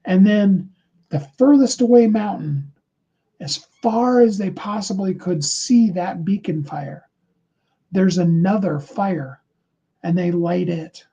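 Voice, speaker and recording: A man's voice: high voice, creaky, mellow, slightly rough, muffled recording. A man giving a motivational livestream talk, speaking earnestly and encouragingly to his viewers. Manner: earnest, encouraging, acts out short sample dialogues.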